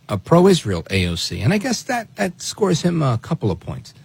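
A man's voice: mid-range voice, a little mellow, breathy edge. A man hosting political commentary, who talks in a sarcastic, exasperated way and fires off rhetorical questions. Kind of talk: opinionated commentary on played clips.

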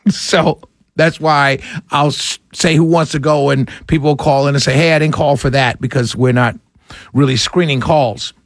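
A man's voice: a little high, steady tone, normal speed, dry recording, studio quality. A man hosting a call-in radio talk show, chatty and friendly with callers. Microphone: studio microphone.

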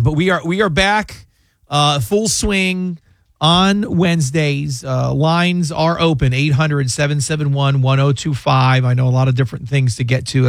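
A man's voice: medium pitch, vocal fry, dry recording. Rambling male radio talk show host. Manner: rambling, with many restarts and asides. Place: radio studio. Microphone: close studio microphone.

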